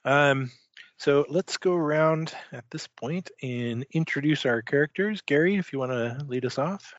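A man runs a tabletop horror game, laying out the scene slowly and deliberately with ums and pauses. His voice is dry and close, with no room around it. The sound is a little dull, like lo-fi call audio. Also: on the high side, no echo. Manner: slow, measured narration with hesitations. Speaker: game master.

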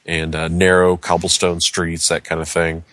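A man narrating as game master, describing scenes in a halting way. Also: deep voice, monotone, fairly bright tone, dry recording. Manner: halting, descriptive, searches for words.

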